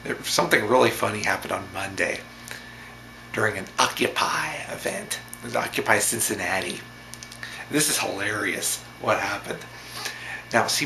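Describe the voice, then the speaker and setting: A man's voice: fairly low pitch, gravelly, bright, forceful tone, roomy sound, a little hiss or hum. A man vlogger telling a story in a casual, rambling way, repeating himself, restarting sentences and sounding amused.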